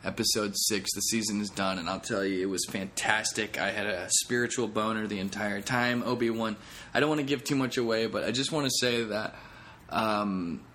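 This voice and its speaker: A low-voiced man rambles through a casual solo podcast monologue. He is a comedian who swears freely and drifts between topics with self-mocking asides. His talk is loose and unhurried. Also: fairly even intonation, sharp tone, slight background noise.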